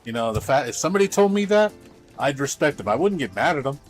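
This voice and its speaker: A male streamer chatting to his audience in a loose, rambling way. He is blunt and candid and swears freely. Faint music plays quietly behind his voice. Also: on the high side, very animated, fast talker. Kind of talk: casual livestream chat.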